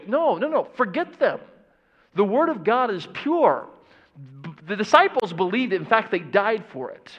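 A fairly high-voiced man preaches a lively sermon, questioning his listeners and slipping into mock voices of confused doubters. The church recording sounds dull and muffled. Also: normal speed, long reverb tail. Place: church sanctuary.

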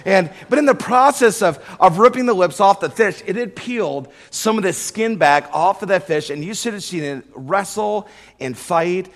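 A middle-aged man preaching a sermon, telling a humorous story in an animated way before building to loud preaching. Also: high-pitched, normal speed. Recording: echoey hall with long reverb.

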